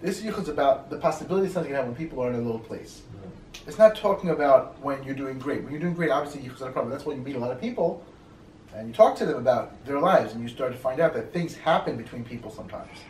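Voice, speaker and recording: Fast-talking man telling stories in an echoey room. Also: medium pitch, slight background noise. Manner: animated, acts out quoted voices in his stories. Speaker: rabbi teaching a class. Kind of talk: casual storytelling lecture. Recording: echoey room, mic at a distance, faint ambience.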